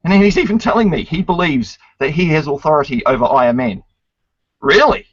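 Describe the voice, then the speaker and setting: A man's voice: fairly high pitch, expressive, fast, no room sound. A man hosting a casual online chat, lecturing emphatically and swearing often. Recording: dry, dull lo-fi sound.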